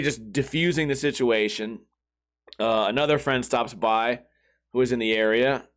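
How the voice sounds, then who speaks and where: A man's voice: mid-range voice, moderate pace, fairly bright tone. A man hosting his own podcast, telling a long, rambling, profane story in a casual way and acting out the quoted voices. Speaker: podcast host.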